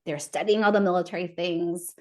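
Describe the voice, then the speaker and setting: A woman in her forties, a podcast guest, telling stories in a casual, animated way and laughing often. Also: fairly low pitch, fairly quick. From United States. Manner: animated, laughs often, acts out quoted voices. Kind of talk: casual storytelling.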